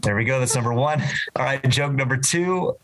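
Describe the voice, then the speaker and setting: A man's voice: medium pitch, brisk, fairly bright tone. Upbeat man telling dad jokes. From Florida. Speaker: podcast co-host. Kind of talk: casual podcast chat.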